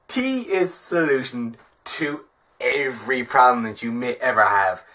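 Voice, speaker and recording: A man's voice: medium pitch, animated, a little slow, bright, forceful tone. A man with an Irish accent giving a wry, self-mocking comic vlog monologue. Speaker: vlogger.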